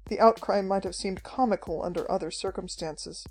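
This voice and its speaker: A woman narrating an adventure story as an audiobook, reading at a steady, measured pace. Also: mid-range voice, husky. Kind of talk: scripted narration. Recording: faint background music.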